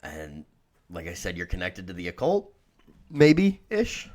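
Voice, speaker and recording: A man's voice: deep voice, lively intonation, normal speed. A man co-hosting a podcast in a loose, casual chat, swearing and saying "dude" often. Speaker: podcast co-host.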